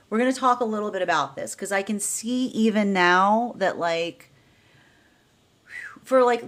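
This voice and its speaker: A woman with a low-pitched voice gives a live tarot reading. She talks in an animated, rambling way, tossing in "like" and "right?" as she goes, and she laughs often between points. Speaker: tarot reader.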